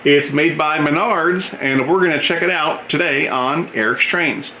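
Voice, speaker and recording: A man's voice: fairly high pitch, measured pace, pushed and bright. Chatty man unboxing in an echoey room. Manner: chatty, enthusiastic, describes items as he shows them. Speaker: model train channel host. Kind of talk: casual unboxing commentary. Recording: roomy echo, faint background hum.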